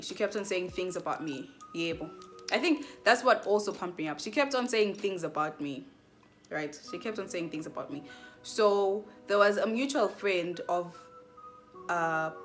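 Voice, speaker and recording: A woman's voice: on the low side, a bit bright. A young woman from Southern Africa telling a rambling storytime in casual slang, with lots of "like". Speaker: vlogger.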